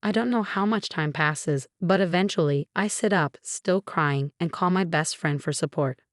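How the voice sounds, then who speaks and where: A woman narrating a first-person story in a steady, even scripted reading. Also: fairly low pitch, normal speed, no room sound, clean studio sound.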